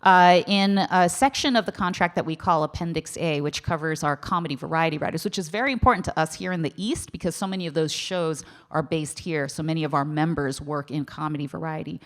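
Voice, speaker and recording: A woman with a slightly low voice speaks on a festival panel stage. Her tone is casual and wry. She tosses in quick asides and corrects herself mid-sentence. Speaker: writers union representative on a panel. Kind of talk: panel discussion.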